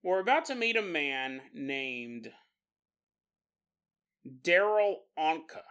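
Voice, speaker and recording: A man hosting a podcast, telling a comic monologue with frequent laughs and quick acted-out voices. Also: fairly high pitch, sing-song, sharp tone, clear, resonant tone. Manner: jokey, laughs often, acts out little voices. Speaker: podcast host. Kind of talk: comedic monologue.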